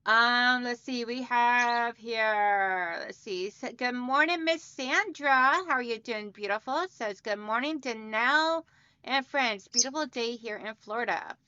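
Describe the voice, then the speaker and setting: Woman, livestream host, chatty and upbeat, smooth clear voice, slightly high, dry slightly dull sound. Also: unhurried, pushed and bright, dry recording. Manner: chatty and upbeat, greeting viewers by name. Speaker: livestream host of a quilting channel. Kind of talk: casual livestream chat, reading out viewer comments. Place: at home.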